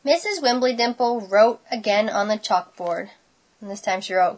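A woman reading a children's story aloud with gentle, measured narration. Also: medium pitch, animated. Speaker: storybook reader.

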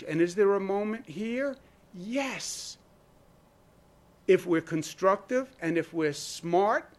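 A man's voice: sits high, a bit bright. A man gives an emphatic public speech as a governor, asking rhetorical questions and mimicking imagined voices. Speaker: state governor.

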